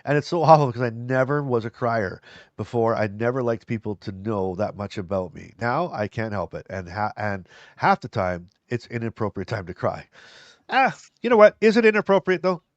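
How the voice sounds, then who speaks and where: A man's voice: medium pitch, animated, moderate pace, dry recording, muffled recording. A man co-hosting a live show, chatting casually and reading viewer comments aloud. He rambles, repeats himself and laughs easily. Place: live stream.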